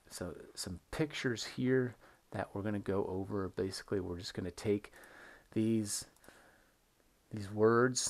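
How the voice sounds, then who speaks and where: A man's voice: fairly low pitch, darkish tone. A man teaching an English lesson to learners, chatty, asking questions and answering them himself. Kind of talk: recorded online English lesson.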